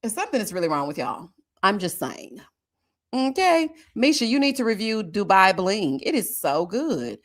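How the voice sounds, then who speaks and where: With a sing-song, medium-pitched voice, this live-stream host chats with her audience and reads their comments aloud. She is chatty and speaks straight to viewers, frequently laughing and humming drawn-out agreement.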